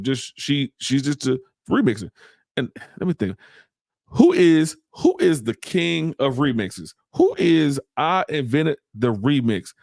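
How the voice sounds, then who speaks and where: A man's voice: mid-range voice, dry recording, clean studio sound. A man hosting a podcast, giving casual political commentary in a mocking, joking way and often laughing. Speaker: podcast host.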